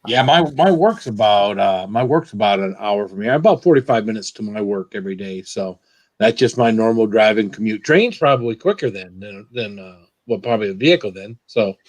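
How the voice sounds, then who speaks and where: A man's voice: on the low side, expressive, a little fast, no room sound. A man from Michigan hosting a casual video chat, talking in a rambling, chatty way that repeats itself. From Michigan, USA. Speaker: channel host.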